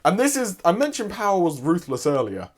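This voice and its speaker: A young man casually recapping a story in a rambling, sweary, excitable way. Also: high-pitched, a little fast. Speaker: YouTuber.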